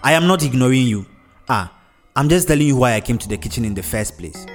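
A man voicing a defiant teenage girl who dabbles in dark sorcery, in a storybook reading. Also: medium pitch, animated, fast, faint music behind, close to an everyday voice. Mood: sullen.

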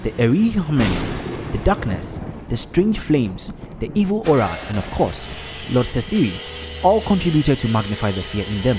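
A man reading a dark story aloud in a dramatic, scripted narration. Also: medium pitch, very animated, normal speed, music in the background. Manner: dramatic, acts out every character.

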